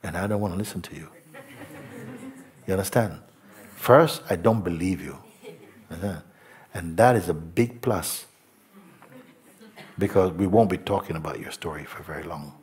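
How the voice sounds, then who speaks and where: A man's voice: low-pitched, normal speed, pauses often, a little mellow. A man from Jamaica, a spiritual teacher giving a live satsang talk, playful and laughing often as he mimics how people talk.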